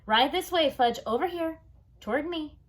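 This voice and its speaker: A woman voicing a brisk cameraman directing a child in a read-aloud storybook. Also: sits high, lively intonation, voice pushed up. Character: brisk cameraman, adult man.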